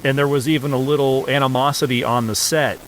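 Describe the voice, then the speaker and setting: A man co-hosting a podcast, talking casually about an old film in a relaxed way, with filler words and the odd chuckle. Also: mid-range voice, quick pace, slight background noise, rough recording. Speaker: podcast co-host.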